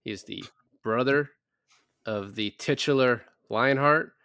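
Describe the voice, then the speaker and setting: A man talks through a movie scene by scene on a podcast, rambling and cracking jokes. His voice sits at an ordinary pitch and the sound is dry and close. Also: slow pace, pushed and bright, clean tone, no echo. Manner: rambling, jokey, acts out characters' lines. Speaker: podcast co-host. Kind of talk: casual movie review chat.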